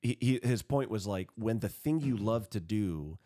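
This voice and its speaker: A man hosting a church podcast in casual chat, chatty and rambling, quick to laugh. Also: lowish voice, animated, warm tone. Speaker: podcast host.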